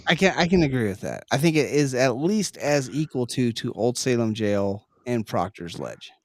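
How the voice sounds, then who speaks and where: Lively, laughing male podcast co-host. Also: medium pitch, normal speed, no echo, studio quality. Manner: animated, laughs often, reads notes aloud. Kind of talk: casual chat over drinks.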